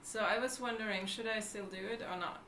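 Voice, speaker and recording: A woman's voice: medium pitch, steady tone, brisk, sharp tone. German woman chatting in an echoey room. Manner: chatty, restarts sentences, searches for words. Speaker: livestream co-host. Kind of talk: casual chat. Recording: echoey room with faint background noise.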